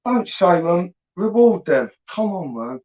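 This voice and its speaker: A man's voice: sits high, very animated, a little slow, dry recording, highs cut off. A young man hosting a late-night live chat stream, reading viewers' messages and bantering crudely in laddish slang. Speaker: livestream host reading chat.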